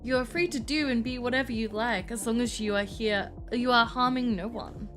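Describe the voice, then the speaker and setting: A welcoming vampire club host, read aloud by a woman streamer, who sounds smooth and inviting. The voice sits a little high, with faint music behind it. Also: normal speed, fairly bright tone, close to an everyday voice.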